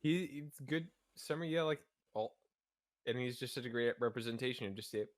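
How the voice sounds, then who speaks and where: A man's voice: medium pitch, brisk, no room sound. Earnest young man, dry close sound. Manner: earnest, analytical, stumbles and restarts. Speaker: podcast co-host. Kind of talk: casual chat.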